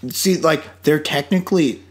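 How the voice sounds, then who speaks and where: A man's voice: a little high, moderate pace. A man co-hosting a podcast, reviewing a movie in casual chat, sarcastic and swearing as he acts out mocking quotes. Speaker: podcast co-host.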